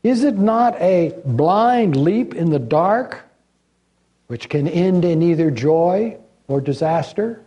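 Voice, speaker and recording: An older man, a retired pastor, preaching a sermon and reading passages in a measured, deliberate way. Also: high-pitched, lively intonation, warm tone, highs cut off.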